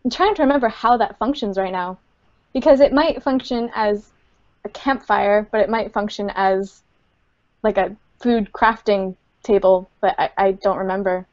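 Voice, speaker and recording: A woman's voice: mid-range voice, normal speed, a little mellow, muffled recording. A woman, a game studio community manager, chatting casually in an interview with many fillers and frequent laughs, over a computer microphone.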